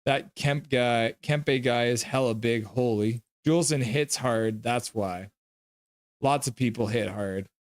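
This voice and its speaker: A man with a voice pitched right in the middle of the male range, talking casually through a live hockey stream. He calls the action in short, clipped phrases and drops loose asides between the plays. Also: no echo, studio quality. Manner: quick clipped play calls mixed with offhand chat remarks. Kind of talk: casual live play-by-play commentary.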